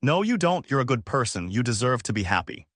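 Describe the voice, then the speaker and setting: Male reader as a gentle, weary middle-aged father, dry close sound. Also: medium pitch, sing-song, a little fast, no room sound. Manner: soft and careful.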